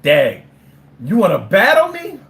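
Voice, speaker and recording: A man's voice: high voice, wildly swooping pitch, measured pace, gravelly, a bit bright. A man from hosting a live call-in show, chatting loosely and freestyling a swearing rap battle with a caller. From Philadelphia. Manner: loose, swearing, playful trash talk.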